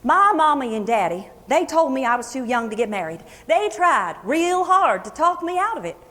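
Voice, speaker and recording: An actress playing a folksy Kentucky hill singer. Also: female voice, high voice, big pitch swings, sharp tone, heavily acted. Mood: reminiscing. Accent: Kentucky Appalachian. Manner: folksy, chatty, unhurried storytelling. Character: homespun Kentucky country singer woman, plainspoken, fond storyteller. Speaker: actress in a historical portrayal. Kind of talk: first-person historical monologue. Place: luncheon hall before an audience. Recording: echoey hall with long reverb.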